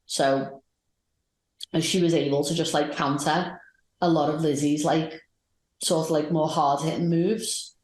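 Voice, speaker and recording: A woman's voice: deep voice, fairly even intonation, unhurried, a little mellow. A woman co-hosting a podcast, recapping matches in a rambling, enthusiastic chat. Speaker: podcast co-host. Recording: roomy echoey sound.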